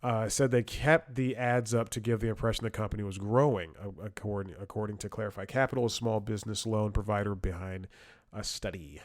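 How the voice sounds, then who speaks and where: A man with a fairly low voice talks through a comic monologue, circling back and restarting his sentences as he goes. He throws in mocking, sarcastic asides. The sound is dry and close, with no room echo. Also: fairly even intonation, fairly quick. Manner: rambling storytelling with frequent restarts and laughs. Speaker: comedy podcast host. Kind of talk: casual comedic monologue.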